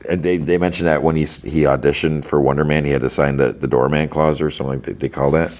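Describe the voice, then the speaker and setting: A man's voice: very deep voice, fairly even intonation, fast talker, a little mellow. A man hosting a podcast, chatting casually in a rambling way, full of fillers and "like". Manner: rambling, filler-heavy, lots of "like". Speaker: podcast host. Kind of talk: casual recap chat.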